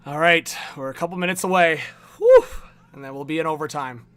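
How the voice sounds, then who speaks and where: A man's voice: a little high, fairly quick, clean tone. A man hosting a live reaction stream, cheerfully rattling off viewer names and locations and laughing often.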